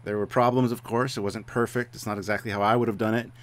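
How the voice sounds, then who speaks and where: A man's voice: lowish voice, fairly even intonation, fast. A man co-hosting a casual review chat, talking hesitantly with many fillers and restarts. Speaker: co-host of a review show.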